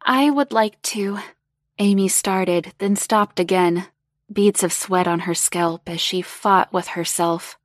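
A woman reading a story aloud as narrator in a slow, even, unhurried way. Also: fairly low pitch, dry recording, clean studio sound.

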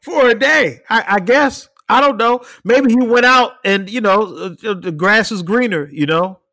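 A high-voiced young man tells a story on a podcast, swearing freely and acting out what people said. The sound is dry and close. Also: normal speed, no echo. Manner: animated storyteller, swears freely, acts out quotes and cat sounds. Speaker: podcast co-host telling a story. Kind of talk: casual chat.

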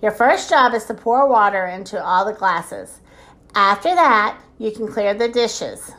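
A woman's voice: medium pitch, expressive, a little slow, fairly bright tone. A woman doing a bossy hotel cook. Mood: instructing. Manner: instructive, giving warnings. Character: bossy male hotel cook giving orders.

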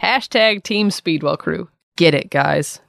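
A woman co-hosting a comedy history podcast, narrating from a script with sarcastic, deadpan asides. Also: lowish voice, takes it slowly, gravelly, dry recording, studio quality. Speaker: podcast co-host.

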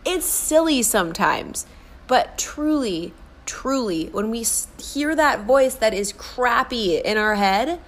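A woman's voice: fairly high pitch, lively intonation, unhurried. An earnest woman in her forties talks straight to the listener about self-worth. She coaxes and encourages, and slips into little acted voices to show how we speak to ourselves. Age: 40s. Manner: earnest, coaxing, acts out inner voices. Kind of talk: motivational monologue.

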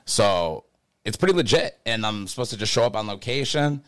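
A young man co-hosting a casual podcast, telling animated stories in quick bursts with lots of fillers. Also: lowish voice, smooth, dry recording. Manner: animated storyteller, fast bursts, filler-heavy. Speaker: podcast co-host. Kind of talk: casual chat.

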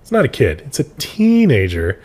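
A man's voice: medium pitch, huge pitch swings, normal speed, a crowd in the background. A young man co-hosting a podcast, chatting casually and rambling with lots of fillers. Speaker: podcast co-host. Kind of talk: casual chat.

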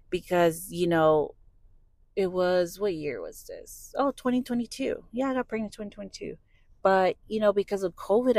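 A woman's voice: lowish voice, no echo, poor audio. A young adult woman hosting a podcast, candidly telling a personal story, swearing freely and acting out what people said. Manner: candid, swears freely, acts out quoted dialogue. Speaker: podcast host.

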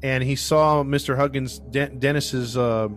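A man of middle pitch tells a true crime story in a loose, chatty podcast way. He rambles with fillers and restarts, acting out people's quotes. Faint music plays under him. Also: steady tone, unhurried. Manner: acts out quotes in his retelling. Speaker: podcast host narrating the case.

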